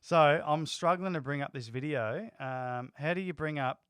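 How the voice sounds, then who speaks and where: A man's voice: a little high, moderate pace, fairly bright tone, smooth, no room sound, clean studio sound. Laid-back rambling male livestream co-host. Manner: rambling, laughs a lot, swears casually. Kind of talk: casual livestream chat.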